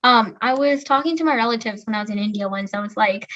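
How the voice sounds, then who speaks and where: A young woman with a fairly high voice chats casually on a podcast, piling on "like" fillers as she goes. The sound is muffled and lo-fi. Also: quick pace, few pauses, fairly bright tone. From United States. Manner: chatty, many "like" fillers. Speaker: podcast co-host. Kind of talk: casual chat. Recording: muffled lo-fi audio.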